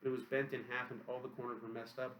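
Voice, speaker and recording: Quick, low-voiced male reader for literal first-person narration, roomy sound. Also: flat delivery, lo-fi sound, a little hiss or hum. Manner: brisk, matter-of-fact, literal reading. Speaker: audiobook reader. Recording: roomy echo.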